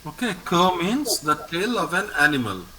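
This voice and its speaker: Bright, lively man teaching French. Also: sits high, a little hiss or hum, rough recording. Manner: patient, repeats words slowly and praises often. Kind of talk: online language lesson with a student.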